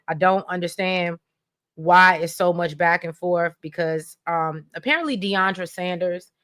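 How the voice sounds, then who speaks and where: Brief: woman gossip co-host, lower voice, animated and chatty. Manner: chatty, animated, laughs often. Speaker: podcast co-host. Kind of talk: casual gossip chat.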